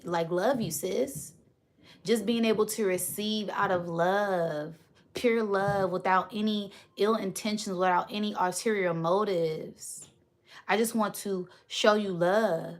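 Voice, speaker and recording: A woman, a spiritual reader on a live stream who preaches affectionately and reads out viewers' comments. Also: mid-range voice.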